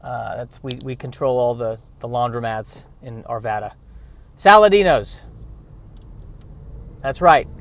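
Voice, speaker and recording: A man's voice: medium pitch, a little slow, long pauses, a bit bright. A man playing a stammering wannabe mafia boss. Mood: flustered bravado. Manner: stammering, flustered bluster.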